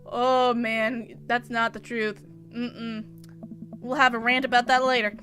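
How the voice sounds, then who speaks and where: A young woman with a high, bright voice, chatting as she plays a video game. She jokes and laughs often while reading along. Her tone is crisp and lively. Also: measured pace, faint music behind. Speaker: gameplay video host. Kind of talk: let's play commentary and reading.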